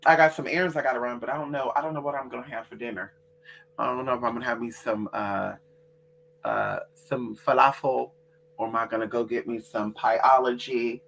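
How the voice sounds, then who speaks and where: Bright-voiced woman ranting on a livestream. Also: extremely low pitch, slight background noise. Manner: profane, blunt, talks straight to viewers; reads out and answers chat comments. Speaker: livestream host. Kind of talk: casual livestream rant.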